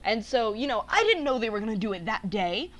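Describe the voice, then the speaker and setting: A woman's voice: on the high side, a little fast. A young woman co-hosting a casual podcast chat, telling stories with lots of quoted back-and-forth and voices for the people in them. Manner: animated storytelling, acting out quoted voices. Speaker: podcast co-host.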